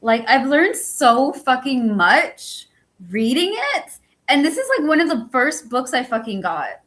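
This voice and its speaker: Squeaky-voiced woman reading aloud. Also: big pitch swings, a little slow, a bit bright, low-quality recording. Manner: swears freely and chats between passages. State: voice worn from talking all day. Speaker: book-reading channel host. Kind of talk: reading a book aloud with casual commentary.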